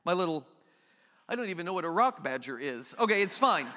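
A man's voice: high-pitched, sing-song, a little fast, bright, forceful tone, big-room sound. A man preaching a sermon as pastor, conversational and joking, with off-topic asides.

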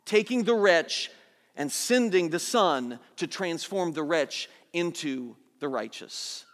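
A man pastor preaching a sermon, swinging from soft, low lines to loud, urgent ones. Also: animated, takes it slowly, in a large hall.

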